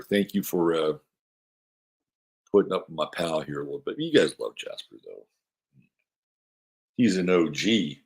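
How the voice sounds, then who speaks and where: A man with a fairly low voice hosts an astrology show in a loose, casual way. He rambles and repeats phrases as he thinks aloud. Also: very animated, normal speed, creaky, long pauses. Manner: rambling, chatty, repeats himself; coos softly to his dog. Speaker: astrology podcast host.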